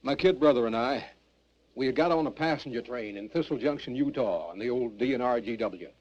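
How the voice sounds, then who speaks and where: A man's voice: medium pitch, lively intonation, fairly quick, a little mellow. An older man telling his story as a hobo in a rambling, folksy drawl full of curses, on muffled 1970s film sound with hiss. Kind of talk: rough storytelling documentary interview. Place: in a cave.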